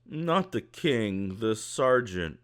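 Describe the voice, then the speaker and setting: A man's voice: fairly low pitch, big pitch swings, takes it slowly, fairly bright tone, clean tone. A man narrating as game master of a tabletop game, rambling with many fillers.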